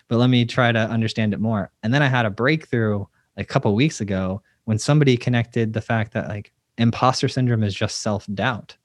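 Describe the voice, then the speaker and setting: A man's voice: medium pitch, no room sound, studio quality. A man hosting an interview, friendly and joking, with rambling questions. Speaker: interviewer, host. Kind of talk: casual interview.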